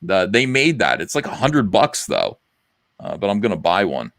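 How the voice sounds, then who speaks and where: A man's voice: on the low side, sing-song, moderate pace, a bit bright, dry recording, clean studio sound. A middle-aged man hosting a casual livestream chat, rambling and blunt with lots of fillers. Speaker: livestream host.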